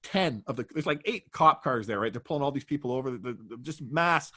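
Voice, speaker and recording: A man's voice: mid-range voice, lively intonation, brisk, pushed and bright. A man, a guest in a conversational interview, telling stories emphatically and asking rhetorical questions.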